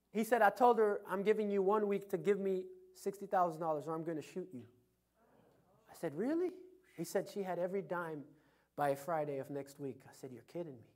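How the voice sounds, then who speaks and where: Male preacher with a high-pitched voice; dynamic sermon delivery, loud peaks and quiet asides. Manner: preaching with swings from loud emphasis to soft asides; tells anecdotes with chuckles. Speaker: pastor.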